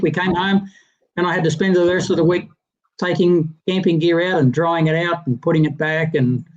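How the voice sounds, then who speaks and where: A man spins a long, rambling yarn, restarting his sentences as he goes. His voice sits a little higher than most men's and comes through dull and lo-fi over a video call. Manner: rambling, animated anecdote teller with many restarts. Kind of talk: casual storytelling on a livestream chat.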